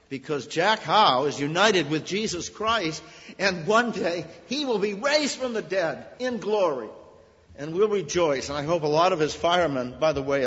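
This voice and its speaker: Man preaching in an echoing church. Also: fairly high pitch. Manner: impassioned preaching with sudden swells and quiet drops. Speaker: pastor. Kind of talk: sermon. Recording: dull lo-fi sound in a long-reverb hall.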